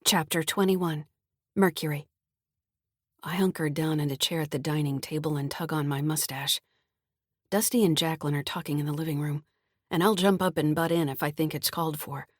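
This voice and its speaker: A woman, the author, calmly narrating her mystery thriller audiobook. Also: low-pitched, no room sound, studio quality.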